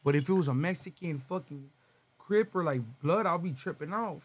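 A young man from Los Angeles, talking casually as a podcast guest, swearing and slangy, reeling off shout-outs. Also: a little high, moderate pace, slightly rough.

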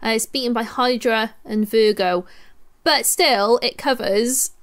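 A woman's voice: on the high side, measured pace. A woman with a Welsh accent, co-hosting an astronomy podcast over a video call in a chatty manner with frequent laughs. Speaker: co-host. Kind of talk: casual astronomy chat.

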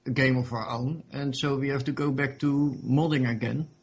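A man's voice: medium pitch, fairly even intonation, moderate pace. A man being interviewed about his game mod, talking casually with many fillers and restarts. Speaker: interview guest, game modder.

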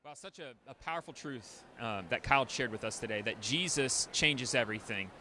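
A man's voice: mid-range voice, brisk, pushed and bright, a little hiss or hum. A man hosting for the church, speaking conversationally to online viewers with filler words after the sermon. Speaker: church host. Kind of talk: closing remarks to online viewers.

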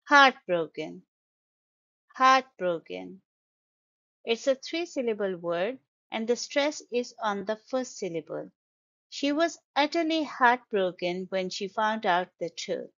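A woman's voice: fairly high pitch, animated, highs cut off. A woman teaching an English vocabulary lesson, carefully sounding out words syllable by syllable. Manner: slow, deliberate, stresses syllables.

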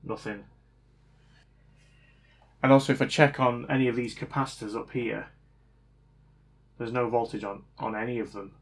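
A man's voice: medium pitch, steady tone, normal speed, gravelly, pauses often, husky. Hesitant man thinking aloud. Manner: hesitant, unsure, self-doubting. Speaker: hobbyist repair vlogger. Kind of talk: casual thinking-aloud commentary.

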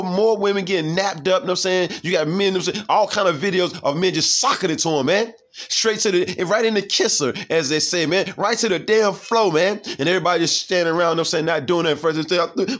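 Male street-style preacher, higher voice, heated and crude, reads verses then riffs on them. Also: a bit bright. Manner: profane, heated, keeps asking "you see?". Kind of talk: informal scripture preaching.

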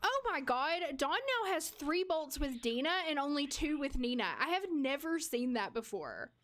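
A young woman live-streams a game and chats casually with her viewers and her characters alike. Her high-pitched, very animated voice has a fairly bright tone and a moderate pace. She's chatty and giggly, laughing often.

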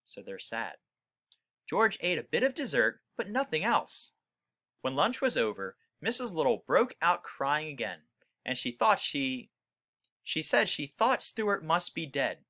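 A man reads a children's story aloud, stopping to explain words to young listeners. His voice is bright and lively, swinging widely in pitch. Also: unhurried. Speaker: reader for children. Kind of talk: reading a children's book aloud.

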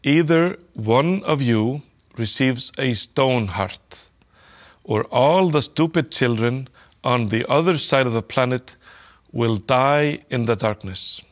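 A man voicing a smooth-talking, greedy male space trader in a storybook reading, with a sly, wheedling patter. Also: medium pitch, slow pace, close to an everyday voice. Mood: smug.

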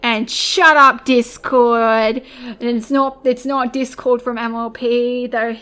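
Female voice actor, slightly high, slow ramble, blooper chatter. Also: steady tone, sharp tone, clean tone. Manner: rambling, playfully mock-annoyed. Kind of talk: blooper outtakes, casual chat.

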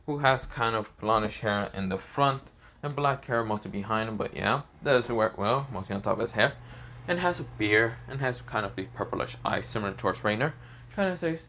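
A man's voice: medium pitch, a little fast, a bit bright, slight background noise. A man narrating his own fan story off the cuff, rambling and hesitant with many fillers.

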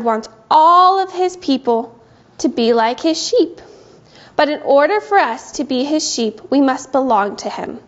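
A woman giving a gentle, sing-song Bible lesson to small children. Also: sits high, muffled recording. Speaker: children's teacher.

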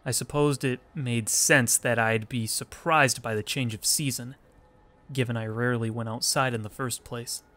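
A man reading the inner monologue of a gloomy, reclusive teenage boy from a visual novel, in a low and mopey voice. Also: steady tone, moderate pace, bright, forceful tone, close to an everyday voice.

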